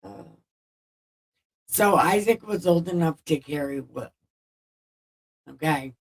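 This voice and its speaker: Woman, low husky voice, irreverent casual Bible retelling, a bit far from the mic. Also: expressive, slow. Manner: irreverent, swears, loose paraphrase. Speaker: Bible-reading video host.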